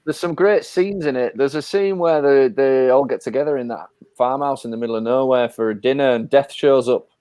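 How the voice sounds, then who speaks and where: Brief: male podcast host, casual and animated, dry recording. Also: mid-range voice, brisk, hardly any pauses, smooth, no echo. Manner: animated storyteller, laughs while retelling scenes. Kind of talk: casual chat.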